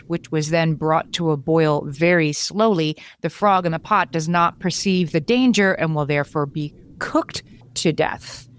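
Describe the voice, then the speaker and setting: A woman in her forties co-hosting a podcast, telling stories with animated delivery, acting out voices and laughing often. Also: low-pitched, clear, resonant tone. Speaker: podcast co-host. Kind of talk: casual chat with storytelling.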